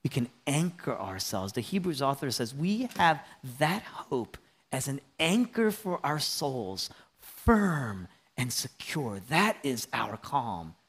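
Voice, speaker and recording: A male pastor preaching a sermon, swinging from loud, ringing calls to hushed, almost whispered lines. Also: mid-range voice, very animated, slow pace, slightly rough. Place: church sanctuary.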